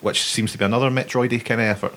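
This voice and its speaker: A man's voice: mid-range voice, fairly even intonation, rapid-fire, fairly bright tone. A young man co-hosting a podcast, rambling and jokey in casual chat. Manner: jokey, rambling, swears freely. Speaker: podcast co-host.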